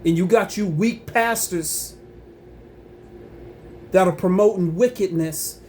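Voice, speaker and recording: On his own channel, a man speaks slowly in a high-pitched, dark-toned voice, offering fervent religious commentary. His preachy, emphatic delivery circles back on itself and erupts into angry, climbing outbursts, with a slight hiss or hum audible.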